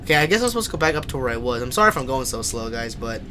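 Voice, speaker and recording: A man's voice: medium pitch, sing-song, racing, background noise. A young man live-streaming a horror game, swearing, yelping in fright and chatting to his viewers. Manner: jumpy, swears and yelps in fright, then chats to viewers.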